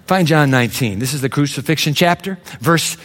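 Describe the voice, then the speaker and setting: A man with a high voice preaches a sermon, dropping to low murmurs and then rising to ringing exclamations. His voice carries the long reverb of a large hall. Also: lively intonation, fairly quick, a bit bright.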